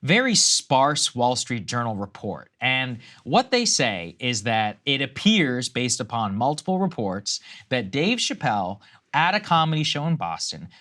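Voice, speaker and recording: A man's voice: medium pitch, very animated, unhurried, sharp tone. A man co-hosting a political news show, reading reports aloud and then riffing with restarts. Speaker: co-host.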